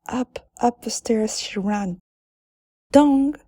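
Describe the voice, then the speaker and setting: A woman narrating a children's storybook in a calm, deliberate way. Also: medium pitch, gravelly, slightly rough, no echo.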